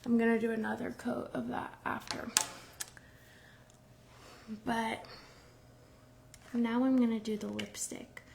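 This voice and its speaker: A woman's voice: on the high side, flat delivery, slow, vocal fry, pauses often, background noise. A woman hosting a casual makeup tutorial, chatting through each step in a rambling way and restarting her phrases. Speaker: beauty brand host demonstrating makeup.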